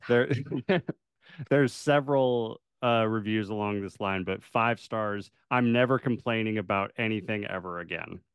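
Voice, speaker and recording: Guy cohost chatting, laughs easy, says like a lot, smooth voice, dry mic. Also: lowish voice, a little slow, dry recording. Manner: laid-back, laughs often, fills with "like". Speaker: podcast co-host. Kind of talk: casual chat.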